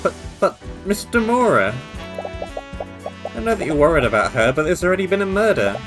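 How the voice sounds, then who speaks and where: A man's voice: high-pitched, big pitch swings, a little fast, over music, pitched above the performer's own voice. A man voicing an anxious young male student in a game, stammering nervously. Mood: nervous pleading.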